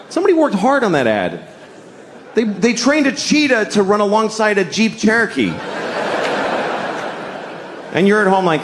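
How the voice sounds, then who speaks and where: A male stand-up comedian on a club stage, ranting profanely and deadpan, his pitch swinging widely as he jumps into other voices. The live room is noisy around his handheld mic. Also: normal speed. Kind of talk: stand-up set.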